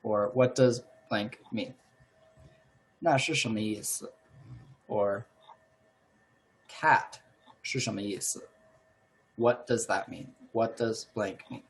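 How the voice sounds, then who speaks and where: Slow, patient bilingual male teacher. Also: fairly low pitch, rough recording. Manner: slow, patient, repeats phrases in two languages. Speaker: language teacher. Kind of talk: bilingual language lesson.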